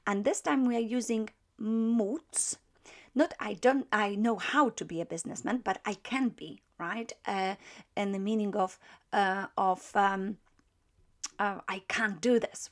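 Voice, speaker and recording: A woman teaching a beginner language lesson, explaining patiently with many fillers and "right?" checks. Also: medium pitch.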